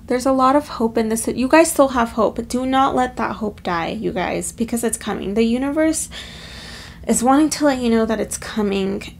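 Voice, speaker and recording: A woman's voice: a little high, creaky. A woman giving a heartfelt tarot card reading, slightly choked up with emotion and calling her viewers her loves. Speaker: tarot reader.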